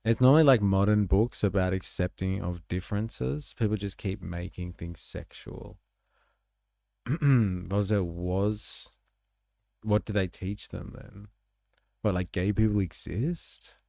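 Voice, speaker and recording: A man's voice: low-pitched, slow, creaky, dry recording, clean studio sound. A man hosting a live stream, chatting casually and joking as he reacts to clips. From Australia. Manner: laid-back, joking, swears freely, laughs loudly.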